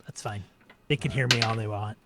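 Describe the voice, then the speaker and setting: A man playing a tabletop game online with other players, brash and loud, laughing at his own moves. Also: on the low side, steady tone, fairly quick, very noisy.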